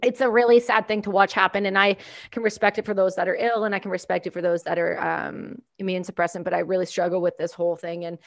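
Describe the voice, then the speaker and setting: A woman from Canada chatting casually as a podcast host, telling animated stories, swearing and laughing often. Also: lowish voice, fast talker, gravelly. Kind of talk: casual chat.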